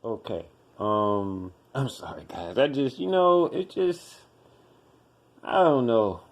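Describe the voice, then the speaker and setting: A man's voice: mid-range voice, lively intonation, slow pace, dull audio. A man hosting a podcast, ranting in blunt, profane commentary and hammering his points with repetition. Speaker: podcast host.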